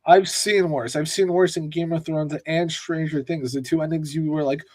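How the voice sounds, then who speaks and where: Man, podcast co-host, profane rant, slightly high, dry close mic. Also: steady tone, normal speed, a little mellow, no echo. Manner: profane and ranting. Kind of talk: casual chat.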